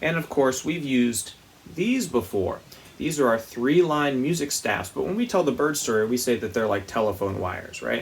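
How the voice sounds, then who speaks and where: Over slight background noise, a patient man leads small children through a music lesson. He speaks gently and sings high sliding sounds to show them vocal slides.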